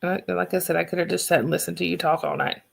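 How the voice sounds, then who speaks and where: Gravelly Southern woman chatting on a stream. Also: lowish voice, steady tone, rapid-fire. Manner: rambling, chatty, restarts sentences. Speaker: livestream host. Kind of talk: casual livestream chat with viewers.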